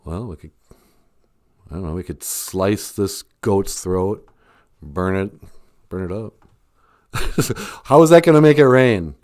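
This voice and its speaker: A man's voice: low voice, lively intonation, slow pace, pauses often, darkish tone. A man hosting a casual live stream, rambling and joking while he reads out viewer comments.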